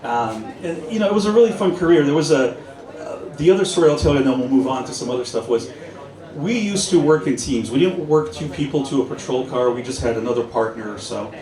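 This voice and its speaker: At a crowded pub event, an ex-cop entertains the audience with funny stories, performing the dialogue himself. His mid-range voice is animated, quick and darkish, recorded from a distance in an echoey room full of people.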